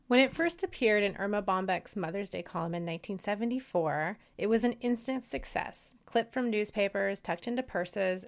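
A woman's voice: medium pitch, creaky. A woman in her forties hosting a solo podcast, speaking in an earnest, personal way. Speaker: podcast host.

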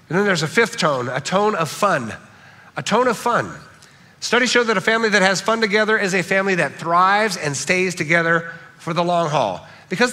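A man's voice: a little high, pushed and bright, long reverb tail. A man preaching a sermon, earnest and repeating key phrases for emphasis, with a lingering dry cough. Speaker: pastor.

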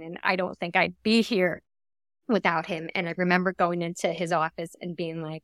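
Woman in her 30s, smooth clear voice, gets choked up and halting, lots of uhs, dry close sound. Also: lowish voice, fairly even intonation, fairly bright tone, no echo. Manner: emotional, halting, with many fillers. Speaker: podcast guest, cancer survivor. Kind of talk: casual conversation.

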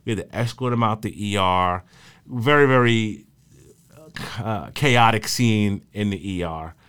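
A man with a smooth, clear voice on the low side tells old work stories from emergency medical services. He talks casually and loosely, often pausing on fillers and starting sentences over. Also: a bit bright. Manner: halting, with many fillers and restarts. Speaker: EMS worker recalling his career. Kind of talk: casual spoken storytelling.

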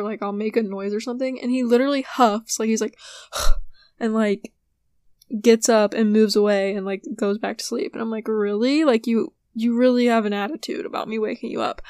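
A woman's voice: on the high side, darkish tone, clear, resonant tone, no room sound, clean studio sound. A sleepy young woman hosting a podcast, chatting casually and rambling about her day. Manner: chatty, rambling, yawning and apologizing. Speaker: podcast host. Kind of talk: casual solo podcast chat.

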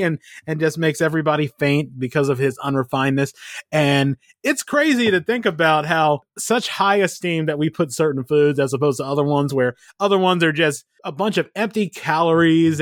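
A man's voice: fairly high pitch, no room sound, clean studio sound. A man hosting a podcast, rambling casually through stories. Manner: chatty, rambling storyteller. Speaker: podcast host. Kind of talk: casual chat.

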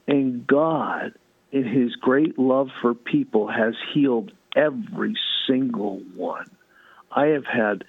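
Husky man over a tinny line. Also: mid-range voice, dry recording. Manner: fervent, repeats and restarts. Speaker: guest. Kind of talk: storytelling testimony in a talk show.

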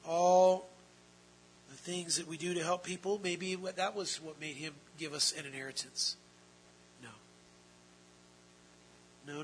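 A man preaching a sermon, swinging between hushed, drawn-out phrases and loud, emphatic ones. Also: high-pitched, slight background noise, rough recording. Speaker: pastor.

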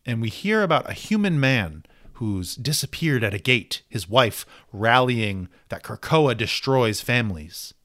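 A man's voice: medium pitch, big pitch swings, unhurried, fairly bright tone, no echo, clean studio sound. A man co-hosting a casual chat about a comic book, recapping and analyzing the story in an easygoing way. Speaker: comic book podcast co-host.

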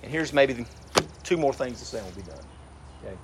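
A middle-aged man preaching a sermon in a conversational way, asking rhetorical questions and slowing down to read scripture. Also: mid-range voice, animated, slight background noise. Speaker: pastor. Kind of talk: sermon to graduating seniors.

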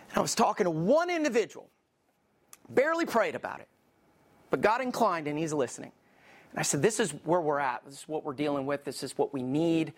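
A man's voice: fairly high pitch, lively intonation, fairly quick. A man preaching a sermon as a pastor, impassioned and conversational, often turning to the congregation with questions.

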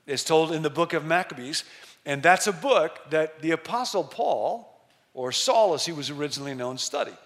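Emphatic preaching man, slightly high voice. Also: lively intonation, a bit bright. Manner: storytelling, emphatic, slows down for stress. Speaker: pastor. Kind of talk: sermon.

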